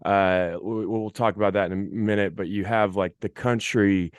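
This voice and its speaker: A man's voice: on the low side, fairly even intonation, moderate pace, clear, resonant tone, no echo. A man hosting a show, interviewing a guest in an enthusiastic, laid-back way and speaking directly to his listeners. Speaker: radio show host.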